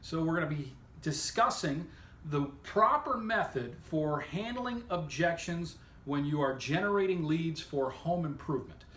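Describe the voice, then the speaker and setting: A man's voice: on the high side, animated, a little slow, fairly bright tone, reverberant. A man giving an upbeat, emphatic sales training lesson, coaching listeners on method. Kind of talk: instructional talk to camera.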